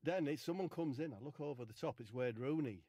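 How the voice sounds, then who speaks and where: A man telling a rambling comic story in a deadpan way, with casual swearing. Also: mid-range voice, a little fast, no echo, studio quality. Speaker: comedian.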